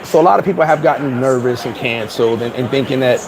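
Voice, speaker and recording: A man vlogging outdoors, telling a story in a loose, animated way, swearing and acting out other people's voices. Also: mid-range voice, fast talker, rough recording. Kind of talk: casual storytelling to camera. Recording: street crowd noise behind.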